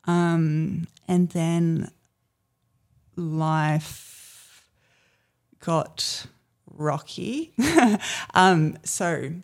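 A woman as a podcast guest, telling a personal story in a soft, reflective way with many fillers. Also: on the low side, drawn-out words, long pauses. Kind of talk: personal storytelling in a casual chat.

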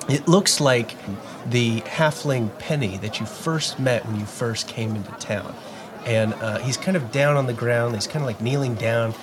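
A man's voice: medium pitch, background noise. A man narrating as game master of a tabletop game, casual and hesitant with many fillers.

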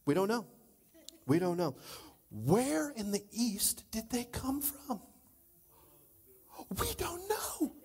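Animated high-voiced male pastor preaching. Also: takes it slowly, breathy edge. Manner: animated, swings from loud exclamations to low asides. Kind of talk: sermon. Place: church.

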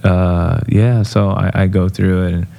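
A man's voice: sits low, measured pace, creaky. A man being interviewed as a motivational speaker, telling stories casually with lots of fillers and acting out what people said. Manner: animated storyteller acting out quotes; loose, filler-heavy talk.

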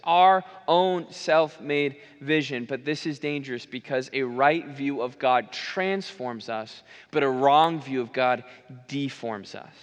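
Earnest preacher in a reverberant church. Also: male voice, medium pitch, a bit bright, smooth. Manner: earnest, building lists with repeated phrases, wry asides. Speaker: minister. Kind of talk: sermon. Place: church sanctuary.

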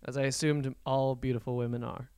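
A man's voice: mid-range voice, level tone, a little fast, darkish tone, clear, resonant tone, no echo, clean studio sound. A man co-hosting a casual movie review podcast, talking with wry, joking asides. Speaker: podcast co-host.

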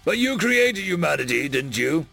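A man's voice: a little high, sing-song, measured pace, creaky, fairly bright tone, soft background music, pitched above the performer's own voice, heavily acted. A man voicing an imperious alien god-assessor. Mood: demanding. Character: alien male official judging gods, imperious.

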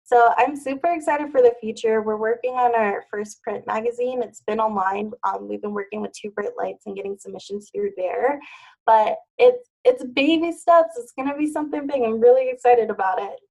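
A woman's voice: on the high side, moderate pace, a little mellow, rough recording. A woman who is a wedding planner, talking casually as a podcast guest and filling her speech with "like.". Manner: chatty, with many "like" fillers. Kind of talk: casual interview chat.

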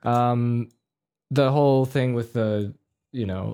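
A man bluntly complaining about a film in a casual chat, often halting and restarting. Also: mid-range voice, fairly even intonation, darkish tone. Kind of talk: casual movie review chat.

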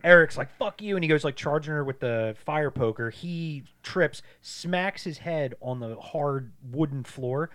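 A man's voice: a little high, measured pace, hardly any pauses, no room sound, clean studio sound. Man recapping a film on a podcast. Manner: animated retelling, acts out quoted lines. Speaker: podcast co-host. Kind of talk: casual movie-recap chat.

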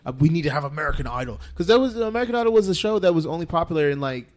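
A man co-hosting a movie podcast, chatting casually and halting often, repeating words. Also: a little high, lively intonation. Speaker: podcast co-host. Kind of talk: casual chat about movies.

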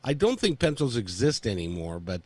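Lively older man hosting a chat. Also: mid-range voice, normal speed, husky, no echo. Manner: joking, self-interrupting, lively. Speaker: talk show host. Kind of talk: casual panel chat.

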